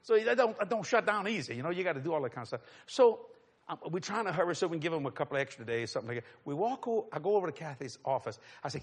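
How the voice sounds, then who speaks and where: A middle-aged man preaches through a story. His husky voice sits a little high and swings freely in pitch as he slips into the voices of other people. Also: rapid-fire. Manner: animated, acts out voices, chuckles. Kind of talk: storytelling sermon.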